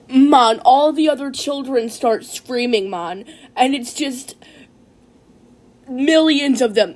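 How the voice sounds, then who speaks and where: A woman's voice: high voice, poor audio. A woman voicing a laid-back young man with a mullet, telling a rambling comic story and ending nearly every sentence with "man". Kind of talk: comedic in-character story time.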